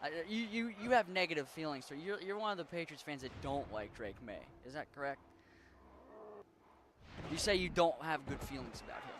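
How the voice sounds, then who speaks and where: Talking a little fast with an expressive, fairly bright and slightly high voice, a young Western Maryland gamer chats casually with his viewers. He rambles and swears freely in a mixed Appalachian accent, with slight background noise.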